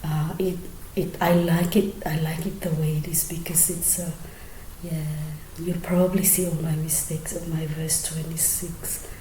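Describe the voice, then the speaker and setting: Young woman, low-pitched, slow and hesitant, home vocal tutorial with faint background noise. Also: little pitch movement, warm tone. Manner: hesitant, many fillers, drops to near whisper. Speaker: amateur singer sharing tips. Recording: echoey room with faint ambient noise.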